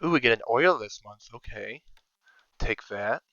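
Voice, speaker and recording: A man's voice: mid-range voice, expressive, measured pace, pushed and bright, no echo, dull audio. A man giving casual, think-aloud commentary over his own strategy game, sometimes counting under his breath. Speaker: strategy game video creator.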